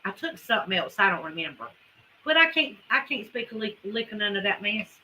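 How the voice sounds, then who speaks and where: A woman's voice: mid-range voice, big pitch swings, brisk, pushed and bright, a little hiss or hum, low-quality recording. A woman with a Southern US accent, chatting folksily with viewers as a homesteading livestream host. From Carolinas, US. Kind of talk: casual livestream chat with viewers.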